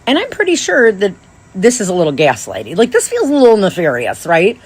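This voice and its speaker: Husky-voiced woman telling a rambling story. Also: mid-range voice, fairly quick. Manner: rambling, animated, many restarts and asides. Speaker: podcast host. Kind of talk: casual storytelling monologue.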